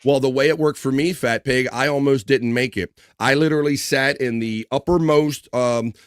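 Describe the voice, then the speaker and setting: A man hosting a live stream in an easygoing, chatty way, reading viewers' messages aloud and laughing along with them. His voice sits at an ordinary middle pitch. The sound is close and dry, with no room echo. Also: steady tone, moderate pace, smooth. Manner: casual, chatty, laughing often, loose slang. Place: home streaming setup.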